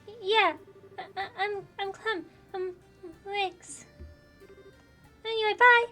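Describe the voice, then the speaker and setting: A woman's voice: very high voice, fairly even intonation, slow, bright, forceful tone, pitched above the performer's own voice, exaggerated voice. A woman voicing a shy but stubborn little orphan boy who stammers and gets defensive, with faint game music behind. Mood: flustered.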